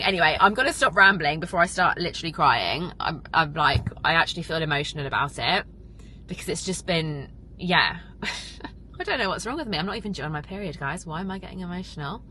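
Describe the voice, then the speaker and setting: A young woman chatting to her camera, gushing and a little emotional, rambling through fillers as she talks. Her voice sits low but sounds bright and forceful. A faint hiss of noise runs underneath. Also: lively intonation, fairly quick, low-quality recording. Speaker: vlogger and podcast host. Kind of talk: casual vlog chat to camera.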